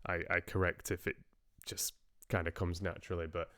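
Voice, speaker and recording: A man's voice: low-pitched, little pitch movement, normal speed, fairly bright tone, no echo, clean studio sound. A male audiobook narrator hosting a live stream, chatting casually with viewers in a rambling, hesitant way and often restarting his sentences.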